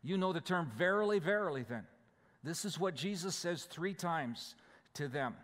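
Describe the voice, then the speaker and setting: Pastor preaching in a reverberant church. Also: male voice, fairly high pitch, lively intonation, measured pace. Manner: conversational, explaining scripture verse by verse. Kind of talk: sermon. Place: church sanctuary. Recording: church hall with long reverb.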